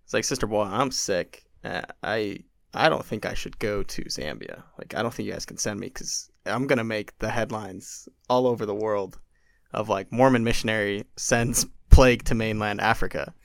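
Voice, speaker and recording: A young man spins a long anecdote in a low, gravelly voice that sits close and dry to the mic. He keeps it loose and animated, dropping in plenty of "like" and doing little voices for the people he quotes. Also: normal speed, no echo. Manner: animated, acts out quotes, many "like" fillers. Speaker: podcast guest. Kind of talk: casual storytelling.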